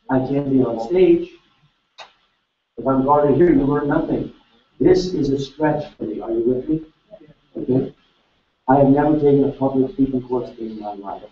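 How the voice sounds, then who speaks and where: A man leading a live seminar, energetically quizzing the audience with quick questions. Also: medium pitch. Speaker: seminar speaker. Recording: echoey hall, distant mic, dull sound.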